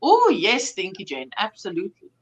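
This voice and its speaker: A woman's voice: mid-range voice, huge pitch swings, normal speed, slight background noise. A woman from South Africa hosting a casual livestream at home, chatting and greeting viewers by name. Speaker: livestream host. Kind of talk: casual chat reading out viewer comments.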